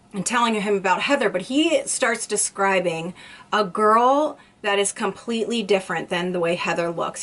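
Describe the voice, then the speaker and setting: A woman's voice: mid-range voice, fairly bright tone. A woman YouTuber casually retelling a true crime story, rambling with restarts and lots of "like".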